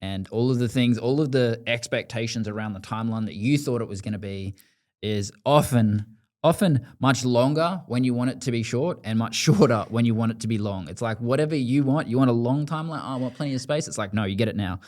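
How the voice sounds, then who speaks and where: A man's voice: mid-range voice, a little fast, a little mellow. A man, hosting a podcast and telling a story in casual talk, acting out the voices he quotes. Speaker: podcast host.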